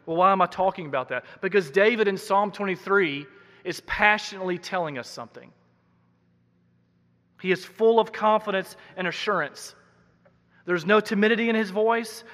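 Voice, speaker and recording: Pastor, male, high bright voice, emphatic sermon delivery, church hall reverb. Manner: earnest, emphatic preaching with repeated words.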